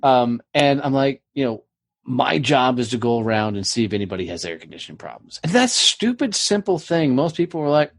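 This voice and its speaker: A man's voice: mid-range voice, sing-song, fairly quick, creaky, no echo, studio quality. A man telling his story on a podcast in a blunt, profane, storytelling way. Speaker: podcast guest. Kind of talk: casual podcast chat.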